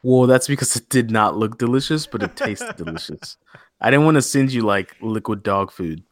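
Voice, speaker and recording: A man's voice: medium pitch, lively intonation, moderate pace. A man co-hosting a podcast in casual chat, joking and swearing as he riffs on news. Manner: jokey, profane, reads news quotes aloud. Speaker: podcast co-host.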